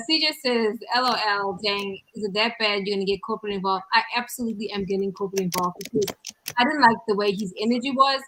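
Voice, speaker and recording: A woman with a South African accent, hosting a podcast and telling stories in an animated, emphatic way. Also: fairly high pitch, low-quality recording. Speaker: podcast host. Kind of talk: casual chat.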